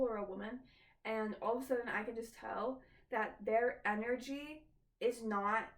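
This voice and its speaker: Speaking straight to her audience from the kitchen, this woman, a tarot vlogger, is frank and freely profane in her confessional chat. Her pitch sits high, and the sound is off-mic and roomy.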